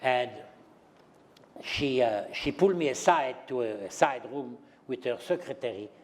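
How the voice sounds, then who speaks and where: A man's voice: mid-range voice, expressive, normal speed. A man in his seventies with a French accent, a retired pastry chef telling anecdotes on stage, chuckling often and speaking with non-native grammar. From France. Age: 70s.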